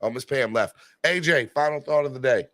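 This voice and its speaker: A man's voice: medium pitch, a little fast, fairly bright tone, no echo. Playful fan show host, man. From Mississippi. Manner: playful, teasing, sometimes mock-serious. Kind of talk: casual chat. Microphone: video call.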